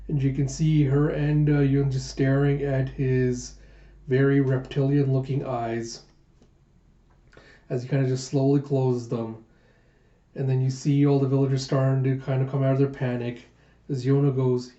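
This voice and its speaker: Mellow-voiced man recapping a manga. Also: medium pitch, moderate pace, echoey room, dull audio. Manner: relaxed, filler-laden retelling. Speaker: host reading a manga aloud. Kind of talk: casual comic readthrough narration.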